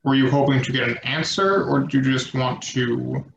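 A man narrating a tabletop game as game master, relaxed and rambling with fillers. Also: mid-range voice, normal speed, vocal fry, noisy background. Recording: echoey slightly dull room sound.

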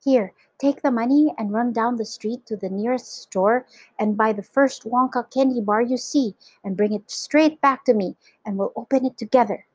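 A woman voicing an excited, secretive old grandfather who talks in conspiratorial whispers, in a storybook reading. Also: a little high, moderate pace, husky, no echo.

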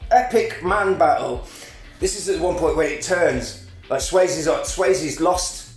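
A man with a slightly high voice chats through a film recap, bursting into acted-out lines and laughter. He tells the story with lively energy. The sound is roomy, with faint music underneath. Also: measured pace. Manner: animated storytelling, acting out lines, frequent laughs. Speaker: podcast co-host. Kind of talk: casual film recap chat.

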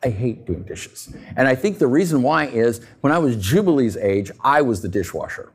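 A man preaching a sermon as a pastor, talking to the congregation in an animated, conversational way with frequent rhetorical questions. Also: mid-range voice, moderate pace, breathy edge.

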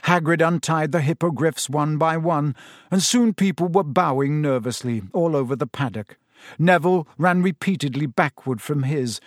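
A man reading a novel aloud as a steady, expressive audiobook narrator. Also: a little high, no echo, studio quality. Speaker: audiobook reader. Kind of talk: storybook narration.

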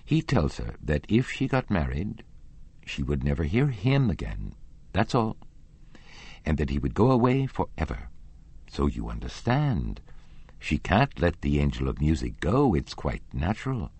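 A man reading an audiobook, voicing a kindly, candid old woman with white hair who chats warmly and laughs easily. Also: rumbling low, very animated, unhurried, husky, no room sound, heavily acted. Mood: matter-of-fact. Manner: chatty, laughing, then indignant.

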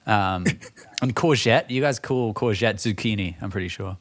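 A low-voiced British man, an actor, chatting loosely in an interview. He rambles, hesitates and laughs between thoughts. The sound is dry and close. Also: normal speed, no echo. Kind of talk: casual interview chat.

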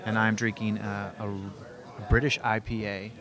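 Man, fairly low voice, podcast co-host, measured, thoughtful. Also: flat delivery, a crowd in the background. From Arkansas. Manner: thoughtful, measured, hosts the talk. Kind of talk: casual chat. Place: brewery taproom.

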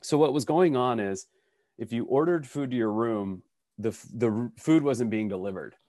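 A man of middle pitch tells a story on a podcast in a loose, conversational way. He acts out the lines of the people in his story and often restarts his sentences. The sound is dry and close. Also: moderate pace, dry recording. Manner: animated storyteller who acts out quotes, with frequent restarts. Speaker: podcast co-host.

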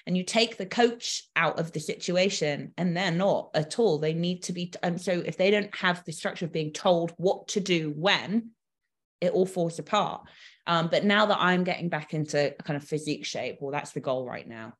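A British woman in casual podcast conversation. Her voice sits a little low, and she talks in loose, rambling runs. She often breaks into laughter and drops blunt, teasing jokes. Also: moderate pace. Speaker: podcast co-host.

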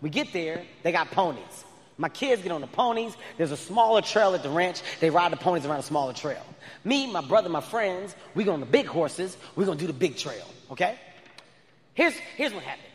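A man in his thirties performing a stand-up comedy set, telling stories with loud animated outbursts. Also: high voice, a little fast. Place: large arena stage. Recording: live arena with long reverb.

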